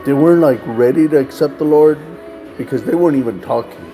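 A man's voice: mid-range voice, brisk, dark tone, faint music behind, poor audio. A man telling a personal story in casual testimony style, acting out the dialogue of others and saying "man" often. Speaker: storyteller recounting street ministry.

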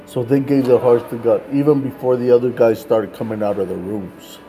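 A street minister tells a story in a relaxed, rambling way, leaning on "like" and "man". His voice is dark and mellow. Soft music plays faintly under him. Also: mid-range voice, fairly quick, rough recording. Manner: casual, fills with like and man. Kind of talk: telling a personal story.

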